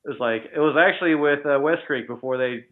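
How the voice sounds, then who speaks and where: A man's voice: fairly high pitch, fast. A man talking in a casual chat as a guest, blunt and candid, calling himself petty, over a remote call. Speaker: guest developer. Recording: tinny phone-like call audio.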